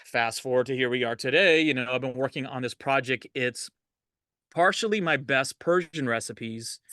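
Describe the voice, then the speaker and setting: Middle-aged guy chatting easy in an interview, laughs a lot, bright tone. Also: mid-range voice, moderate pace, no room sound, studio quality. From Los Angeles. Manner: laid-back, laughs often, animated when quoting others. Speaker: DJ, interview guest. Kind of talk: casual storytelling interview.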